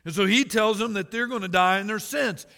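A man's voice: sits high, brisk, pushed and bright, big-room sound. A man preaching a sermon as pastor, earnest, building emphasis and joking asides to the congregation.

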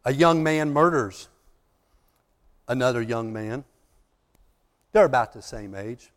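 A man preaching a sermon, telling a story and acting out the judge and the accused, building to loud, emphatic peaks. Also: medium pitch, expressive, slow, in a large hall.

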